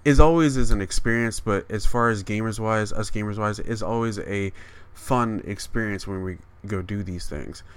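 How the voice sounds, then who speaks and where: A man with a fairly low voice and a smooth, resonant tone, chatting casually. He rambles a bit and repeats words while he hunts for his point. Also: moderate pace, hardly any pauses. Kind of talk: casual chat.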